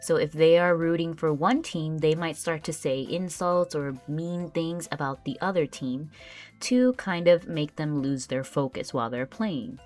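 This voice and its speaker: Woman teacher, low voice, unhurried and patient, soft music underneath. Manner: patient, explains words step by step with example sentences. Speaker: English vocabulary teacher. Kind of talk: slow, clear vocabulary lesson.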